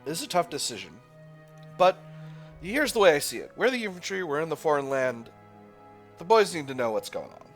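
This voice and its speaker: A man's voice: a little high, big pitch swings, brisk, long pauses, soft background music. A man hosting a gameplay video, reading the game text and thinking aloud with hesitant restarts. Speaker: gaming channel host. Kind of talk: let's play narration and reading aloud.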